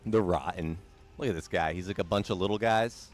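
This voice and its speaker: A young man with a low, deep voice talks casually while he plays a game on a live stream. He rambles, repeats lines and answers viewer comments as they come in. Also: fairly quick, soft background music. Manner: chatty, repeats himself, answers viewer chat.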